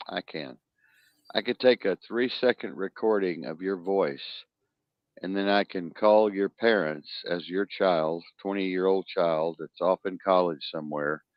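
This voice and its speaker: Low-voiced man warning emphatically. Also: dry recording, dull audio. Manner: emphatic, warning, addresses the audience. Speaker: podcast host. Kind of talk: casual podcast talk.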